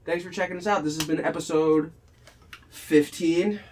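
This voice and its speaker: A young man co-hosting a casual podcast, excitable, jumping between loud outbursts and mumbled asides. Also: a little high, normal speed. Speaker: podcast co-host. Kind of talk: casual chat.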